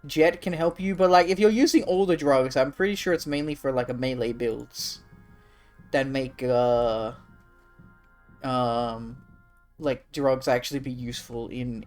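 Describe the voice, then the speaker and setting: Streamer, woman, lowish voice, swears a lot, rambles, bursts into loud hype; faint music underneath. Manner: profane, rambling, gets loudly excited. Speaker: livestreamer. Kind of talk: casual live-stream commentary.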